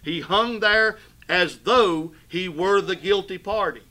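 A man preaching a sermon, fervent, swelling loud and dropping low as he drives his points home. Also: slow, poor audio. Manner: fervent preaching with sudden swells and drops in volume. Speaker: pastor.

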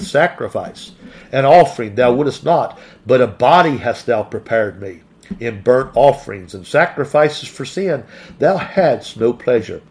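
A man preaching a sermon in earnest, reading scripture slowly and asking his listeners again and again whether they see it. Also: medium pitch, darkish tone, breathy edge.

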